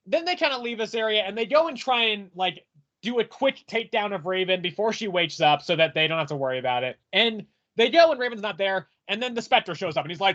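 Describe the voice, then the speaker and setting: Speaking fast on a muffled recording, this man has a voice that sits high. He co-hosts a podcast reviewing comics, and his casual talk turns into animated, profane rants full of acted-out quotes.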